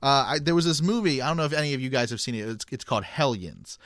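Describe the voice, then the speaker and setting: A man's voice: mid-range voice, fast talker, fairly bright tone, no echo. Chatty man with a dry podcast sound. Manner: chatty, laughs often, stammering restarts. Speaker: podcast co-host. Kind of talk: casual sports podcast chat.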